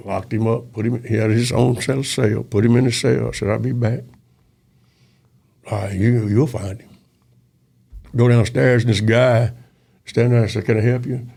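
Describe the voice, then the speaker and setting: A man's voice: medium pitch, steady tone, moderate pace, long pauses, warm tone. An older man, a former police officer telling a story in a casual interview, acting out the dialogue. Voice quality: gravelly. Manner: folksy, acts out dialogue in quoted voices.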